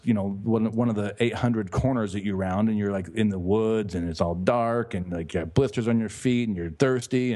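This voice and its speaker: Male podcast guest, lowish voice, loose and rambling, casual cursing, restarts his sentences. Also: a little mellow. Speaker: guest, author.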